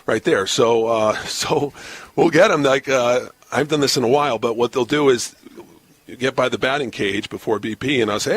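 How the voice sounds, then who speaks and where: A man in his forties, a baseball broadcaster, telling lively stories in a casual podcast interview and laughing often. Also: mid-range voice, normal speed, husky. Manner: animated storyteller, laughs often, acts out quotes.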